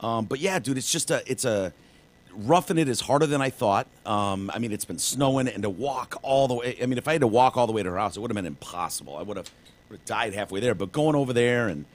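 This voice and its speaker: A man's voice: mid-range voice, animated, fast talker. A man co-hosting a podcast in casual chat, rambling with lots of fillers and swearing. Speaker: podcast co-host.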